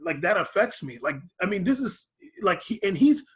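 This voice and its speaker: A man's voice: high voice, big pitch swings, moderate pace, a bit bright. A man co-hosting a podcast, chatting casually and rambling with lots of fillers and restarts. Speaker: podcast co-host.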